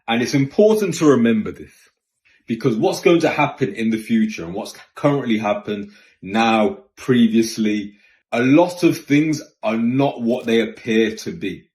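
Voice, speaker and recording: A man telling a story in a casual, slangy, animated way, vlog style. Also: medium pitch, unhurried. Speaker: vlogger. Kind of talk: storytime monologue. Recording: roomy echo with faint music.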